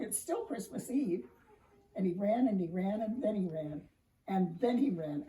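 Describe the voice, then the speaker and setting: A woman's voice: medium pitch, a little hiss or hum. Older woman reading a storybook aloud. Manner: lively sing-song storytelling. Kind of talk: reading a picture book aloud. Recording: echoey room heard from far off.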